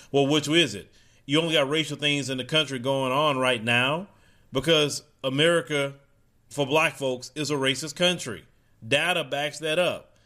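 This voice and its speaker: A man's voice: fairly high pitch, moderate pace, bright, forceful tone. A man delivering a heated opinion monologue straight to his audience, preachy and casual, mocking the people he quotes. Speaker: commentator.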